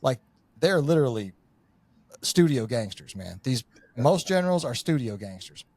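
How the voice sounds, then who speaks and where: A man's voice: medium pitch, very animated, moderate pace, darkish tone, no room sound. A middle-aged man, a former Marine, talking in a rambling, profane way with lots of fillers in a casual podcast chat.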